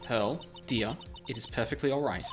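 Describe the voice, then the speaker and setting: A man voicing a stern older noblewoman from a game, with measured, commanding delivery. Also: medium pitch, over music, natural voice.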